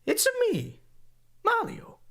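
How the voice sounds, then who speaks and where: A man putting on a very high falsetto voice for a cheery Italian plumber hero, clipped catchphrase delivery. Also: slow, pushed and bright. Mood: playful.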